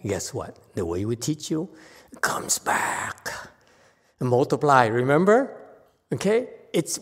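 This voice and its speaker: A man's voice: mid-range voice, a little mellow. A man, a Buddhist monk, giving an informal dharma talk in short broken phrases and laughing often. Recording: reverberant hall.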